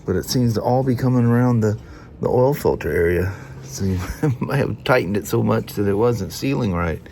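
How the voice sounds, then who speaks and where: This mechanic's voice is on the low side, mellow and touched with vocal fry, moving at a moderate pace. Nasal as if from hay fever, he rambles through his workshop vlog with restarts and small chuckles, a bit of hiss or hum behind him.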